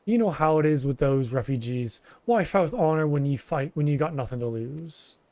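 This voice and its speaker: A man voicing a gruff, coarse brawler in a video game, reading the part aloud. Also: fairly high pitch, animated, moderate pace, a little mellow. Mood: scornful.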